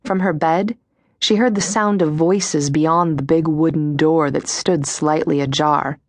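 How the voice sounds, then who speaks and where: A woman narrating a suspense audiobook in a measured, steady reading voice. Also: low-pitched, no echo.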